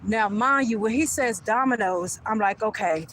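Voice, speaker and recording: A woman, speaking a little high, vents a story into her phone while walking outside. She is animated and blunt and swears freely. A faint hum of passing cars sits under her voice. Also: normal speed, low-quality recording. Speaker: vlogger. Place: outdoors on a street.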